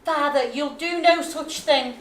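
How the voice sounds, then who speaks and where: A woman's voice: high-pitched, unhurried. An actress playing a flustered, easily scandalised Liverpool mother. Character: fretful respectable Liverpool mother. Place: theatre stage. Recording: roomy stage sound from far off, faint ambience.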